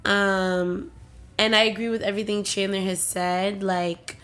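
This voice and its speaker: A woman's voice: medium pitch, fairly even intonation, measured pace, a bit bright. A young woman co-hosting a podcast in casual chat, supportive and affirming. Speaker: podcast co-host.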